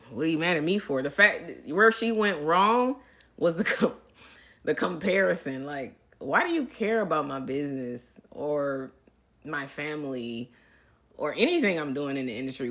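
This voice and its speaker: On a casual livestream, a middle-aged woman from reality TV reads viewer comments and answers them chattily, calling them y'all. Her deep voice is animated and fairly bright, with a measured pace.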